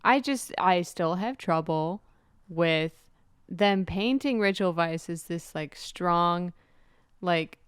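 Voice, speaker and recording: A woman's voice: lowish voice, slow, smooth, no room sound, clean studio sound. A woman talking frankly in a casual movie podcast, critiquing how a character is written. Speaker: podcast guest. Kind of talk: casual movie-review chat.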